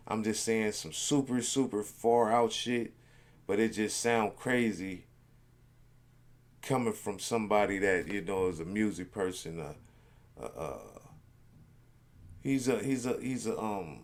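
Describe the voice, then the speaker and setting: A man hosting a reaction video, chatting casually in a rambling, laid-back, slangy way. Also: on the low side.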